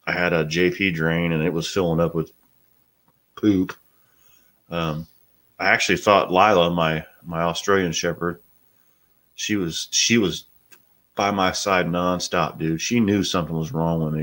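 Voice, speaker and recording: Deep-voiced, blunt-talking man. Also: fairly bright tone. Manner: casual and blunt, swears freely. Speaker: host. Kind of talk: casual live-stream chat.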